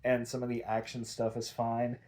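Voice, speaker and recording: A man's voice: mid-range voice, completely flat delivery, moderate pace, dark tone. A man hosting a casual solo episode review, ranting in exasperation and swearing freely, with plenty of fillers and restarts. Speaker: podcast host reviewing episodes.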